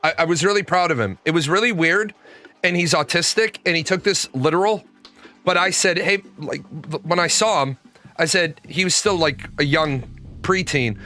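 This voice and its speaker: A man's voice: a little high, normal speed, bright, forceful tone. A middle-aged man telling blunt, profane stories in a casual monologue as host.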